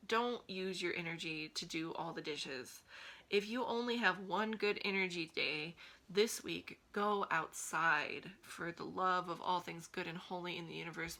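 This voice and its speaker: Woman vlogger, heartfelt and pleading to camera, bright, lowish voice. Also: low-quality recording. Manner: earnest, pleading, encouraging.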